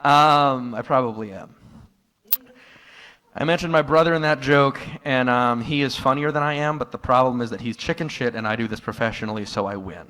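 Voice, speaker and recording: A man doing a stand-up comedy set in a live room, telling stories in a dry tone that jumps into loud, exasperated outbursts. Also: medium pitch, steady tone, a little fast. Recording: live room with long hall reverb.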